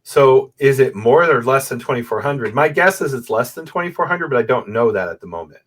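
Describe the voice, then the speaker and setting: Man, scholar guest, animated explaining, video call, mid-pitched voice. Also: brisk. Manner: animated, explains step by step with frequent "right?" checks. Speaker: guest, Bible manuscript scholar. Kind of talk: explanatory conversation. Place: room with a bookshelf photo backdrop.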